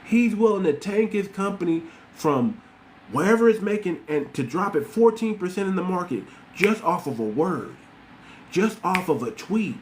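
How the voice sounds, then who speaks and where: Man, podcast host, blunt commentary, fairly high voice, faint background hiss. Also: sing-song, normal speed. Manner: blunt, repetitive, talks straight at his listeners. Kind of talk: casual commentary monologue.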